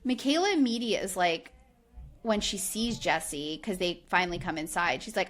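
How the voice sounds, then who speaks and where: In a casual podcast recap, this female co-host speaks in a voice on the low side at moderate pace. She's animated, peppers her talk with "like", and performs the lines she quotes.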